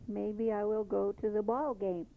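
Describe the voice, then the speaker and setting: A woman teaching a language lesson, patiently repeating each phrase slowly before explaining it. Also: medium pitch, fairly even intonation, vocal fry. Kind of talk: slow spoken language lesson. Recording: tinny phone-like lo-fi recording.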